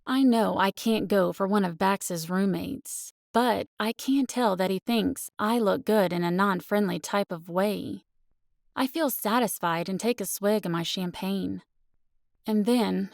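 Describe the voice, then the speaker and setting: A woman narrating a first-person romance audiobook with expressive, earnest storytelling. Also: medium pitch, creaky, dry recording, studio quality.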